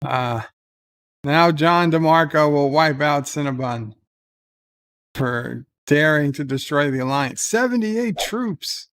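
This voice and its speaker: A man's voice: on the high side, lively intonation, slow, a bit bright, clean tone. A man streaming a strategy game, reacting aloud with grumbles, curses and cheers. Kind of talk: live game commentary.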